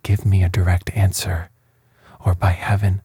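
A curt, commanding prince who has run out of patience with his servants, read by a man. The voice stays low and dark, with a husky, breathy edge, and the lines come slow and clipped. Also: little pitch movement, no echo, exaggerated voice. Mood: impatient. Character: stern proud male prince, short-tempered lord.

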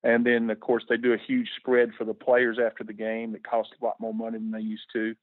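A man's voice: on the low side, completely flat delivery, fairly quick, dry recording. Ex-coach guy on the phone, folksy, stumbles and repeats himself, thin phone sound. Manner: folksy, repeats words when emotional. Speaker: former coach. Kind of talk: casual radio interview. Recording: tinny phone line on radio.

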